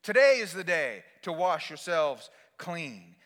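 A man preaching a sermon as pastor, swinging between loud exhortation and quiet, intimate asides. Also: a little high, very animated, takes it slowly, in a large hall.

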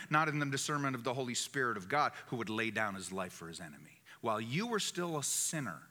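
A man's voice: fairly high pitch, sharp tone. A man preaching a sermon in an emphatic way, repeating key phrases for weight. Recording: echoey hall.

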